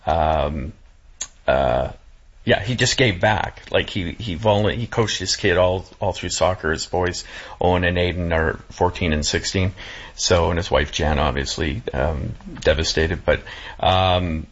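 Halting emotional man, husky and low. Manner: halting, full of fillers and restarts. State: emotional, close to tears. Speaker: guest. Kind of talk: casual chat. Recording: dull lo-fi sound.

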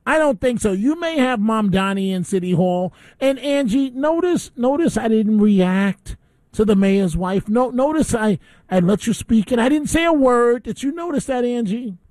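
A man's voice: very high voice, lively intonation, normal speed, a little mellow, no echo. A man hosting a call-in radio talk show, ranting indignantly and taking calls.

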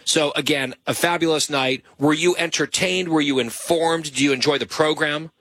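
A man's voice: a little high, steady tone, moderate pace, a bit bright, breathy edge, no room sound. A man hosting a talk show, teasing his producer with dry humor in casual banter.

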